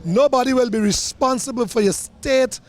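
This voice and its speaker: Excitable man with a high voice. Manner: jokey, excitable, quick laughs. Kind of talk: excited promo chat.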